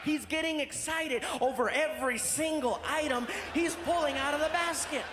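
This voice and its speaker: A man doing stand-up, telling a story in an animated way and shouting out the punchlines. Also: very high-pitched, normal speed, over music. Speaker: stand-up comedian. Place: large live comedy venue. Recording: echoey arena with crowd and noise. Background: audience laughing.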